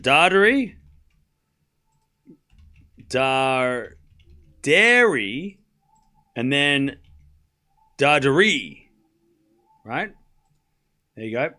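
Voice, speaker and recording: A young man casually calls a live tennis match for a stream audience, chatty, self-mocking, and stumbling over player names in his play-by-play watchalong. His voice sits on the high side, sounding pushed and bright.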